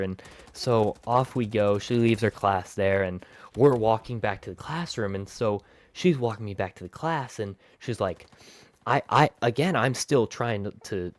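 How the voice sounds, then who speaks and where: A man telling a story from his school days in an animated, expressive vlog. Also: fairly low pitch, no room sound. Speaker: vlogger.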